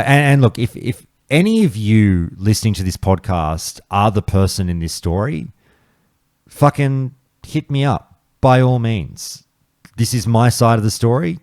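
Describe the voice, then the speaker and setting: A man's voice: deep voice, a little mellow, dry recording, studio quality. A man hosting a podcast, telling a gaming story in a blunt, profane, casual monologue. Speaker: podcast host.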